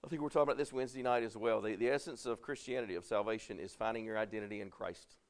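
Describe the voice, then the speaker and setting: A man's voice: lowish voice, very fast. A middle-aged man, a pastor preaching a conversational sermon and often checking in with "right?".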